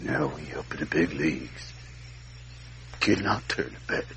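Preachy stubborn method actor, gravelly and sharp-edged, gruff lectures. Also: male voice, extremely low pitch, unhurried, a little hiss or hum, heavily acted. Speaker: film character.

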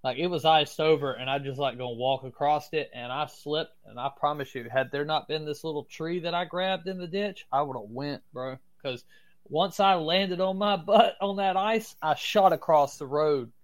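His voice is fairly high and his pace moderate. He's a podcast guest from Florida with a strong Southern accent, relaxed and profane as he tells casual stories.

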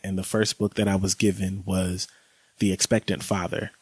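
A young man in his late twenties with a fairly low voice talks to camera in a loose, chatty vlog style, laughing here and there. The sound is close and dry, with no room echo. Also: level tone, normal speed, slightly rough. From American South. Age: 20s. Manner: chatty, laughs while talking. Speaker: vlogger. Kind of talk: casual vlog monologue.

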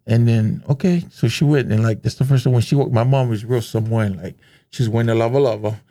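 A man's voice: mid-range voice, brisk. Laid-back storyteller man. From Hawaii. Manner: animated, laid-back storyteller who slips into voices. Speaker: guest. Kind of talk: casual interview storytelling.

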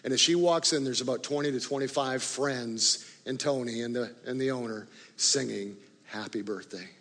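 A male pastor telling a story in a sermon, animated in the story and quiet and low in the prayer. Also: normal speed. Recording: long reverb of a large hall.

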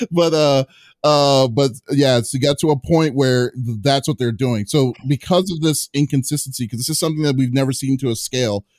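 A man chats casually on a gaming podcast, stumbling through fillers and restarts and laughing between thoughts. His voice sits at an ordinary middle pitch. The sound is dry and close, with no room around it. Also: darkish tone, no room sound. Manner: halting, full of fillers and restarts, laughs often. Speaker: podcast host. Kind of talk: casual chat.

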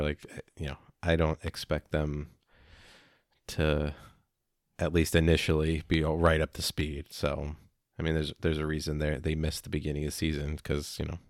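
A man chatting casually as a podcast co-host, rambling and halting with many fillers. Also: a bass voice, darkish tone, dry recording, studio quality. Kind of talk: casual chat.

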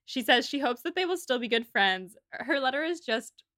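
Woman co-host, casual book chat, bright voice, dry close sound. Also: high voice, animated, dry recording. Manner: chatty, reads passages aloud, quick asides. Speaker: podcast co-host. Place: apartment room in a city.

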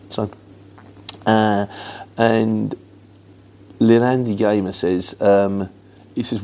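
A man's voice: on the low side, a little mellow. A middle-aged man from Luton with a Mockney market-trader accent, chatting casually as a truck driver answering viewer questions, rambling and plain-spoken with lots of fillers. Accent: Luton, with a Mockney market-trader twang. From England.

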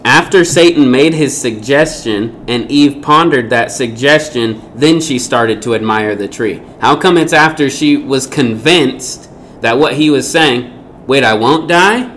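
A man's voice: mid-range voice, measured pace, a bit bright, slight background noise. A man teaching a Bible lesson, speaking emphatically and often asking rhetorical questions.

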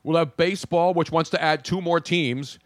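A man's voice: fairly high pitch, steady tone, moderate pace, no echo, clean studio sound. A man hosting a sports podcast, opinionated and talking in long runs of casual chat. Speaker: podcast host.

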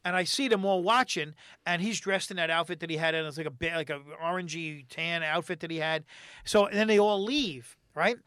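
High-voiced man spinning a rambling tale. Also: fairly quick, smooth, no echo, clean studio sound. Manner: rambling, animated, many restarts. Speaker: stand-up comedian guest. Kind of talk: casual podcast storytelling.

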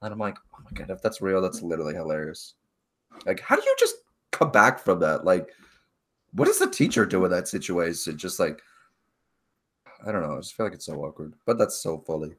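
A man's voice: sits low, a little fast. A young man in his late teens co-hosting a casual podcast, telling stories with lots of fillers and acting out the voices. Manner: animated storyteller, acts out voices, many fillers. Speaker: podcast co-host. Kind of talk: casual chat.

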